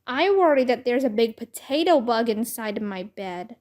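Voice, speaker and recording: Woman voicing a calm practical schoolgirl. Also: on the high side, moderate pace, close to an everyday voice. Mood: matter-of-fact.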